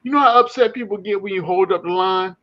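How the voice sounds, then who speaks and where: High-voiced animated man on a dull stream. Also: quick pace. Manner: animated, rambling with many restarts. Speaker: podcast co-host. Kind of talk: casual sports chat. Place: home.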